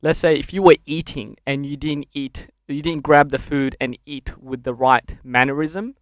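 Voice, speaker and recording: A young man from Sudan, a podcast guest, candidly recounting a hard childhood in casual speech and laughing through dark memories. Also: fairly high pitch, steady tone, normal speed, no room sound, studio quality. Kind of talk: casual interview storytelling.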